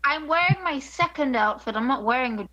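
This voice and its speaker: A woman's voice: high voice, lively intonation, fairly quick, pushed and bright, dry recording, dull audio. A woman playing a tabletop game, speaking in a hesitant, wry way. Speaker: player. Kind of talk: tabletop role-play.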